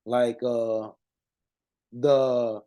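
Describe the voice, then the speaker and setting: Halting, mellow-voiced man talking. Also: mid-range voice, little pitch movement. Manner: halting, many restarts and fillers. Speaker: religious community speaker. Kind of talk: unscripted monologue.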